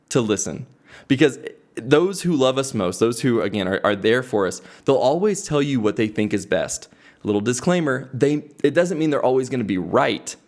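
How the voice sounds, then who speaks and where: Young man retelling a story casually. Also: medium pitch. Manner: conversational, frequent restarts. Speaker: podcast host.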